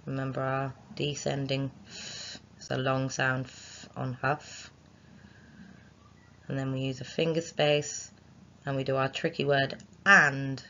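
A woman's voice: very deep voice, little pitch movement, takes it slowly, bright, forceful tone, lo-fi sound, slight background noise. A woman, a primary school teacher giving a recorded phonics lesson to young children, sounding out letters and chanting rhymes for writing them.

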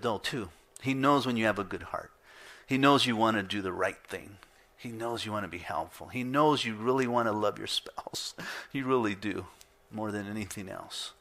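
A middle-aged male pastor preaching a sermon, telling personal stories in an animated way and acting out his own reactions. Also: lowish voice, normal speed. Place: church.

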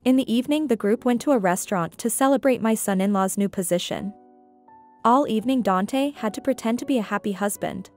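A woman reading a drama story aloud as its narrator, keeping an even, steady delivery. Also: on the high side, fairly quick, soft background music.

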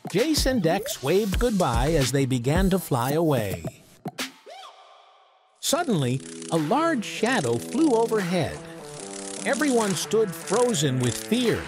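A man narrates a children's animated read-aloud in a slow, expressive storytelling voice. His pitch moves a lot as he tells the tale. Music plays clearly underneath.

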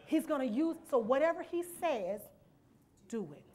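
This female preacher speaks at a normal speed in a high, expressive voice with a dark tone. She works through scripture verse by verse in a church sermon, reading and explaining each part while using call-and-response, rhetorical questions, and "amen?"

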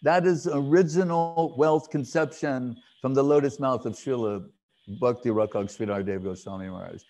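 A man giving a devotional lecture, telling a sacred story in a slow, reflective way with pauses and fillers. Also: mid-range voice, a little mellow. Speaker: speaker giving a spiritual talk.

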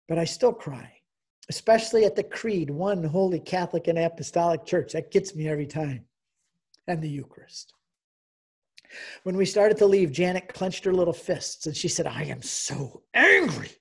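A man's voice: sits high, normal speed, warm tone, husky. A man in his sixties giving an emotional personal testimony as a guest speaker, telling his story and acting out the dialogue.

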